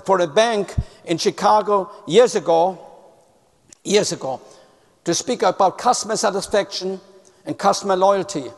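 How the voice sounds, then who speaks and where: A man giving a motivational talk on customer service. He tells stories, repeats key words for emphasis and uses non-native phrasing. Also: high voice. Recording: long hall reverb.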